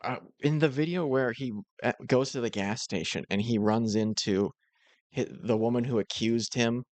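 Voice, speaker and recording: A man reacting to a clip in casual commentary, relaxed and a bit hesitant with chuckling asides. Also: mid-range voice, dry recording.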